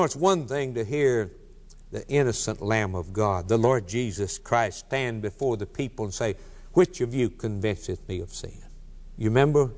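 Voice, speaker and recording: Slow, emphatic preacher in a reverberant hall. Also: male voice, mid-range voice, darkish tone. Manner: emphatic preaching with repeated refrains. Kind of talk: sermon.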